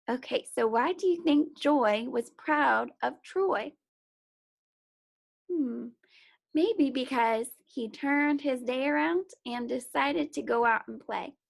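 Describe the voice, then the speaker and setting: Slow, gravelly-voiced woman teacher. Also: high-pitched. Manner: slow, patient, encouraging, sounds out letters. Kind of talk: remote phonics and reading lesson for young children. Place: home.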